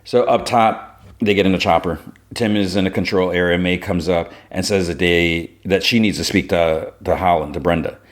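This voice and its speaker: A man with a very low voice retells a show's episode on his podcast. He talks loosely and casually, leaning on "like" as he goes. The tone is easygoing recap chat. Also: fairly even intonation, moderate pace. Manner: loose storytelling with many "like" fillers. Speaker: podcast host.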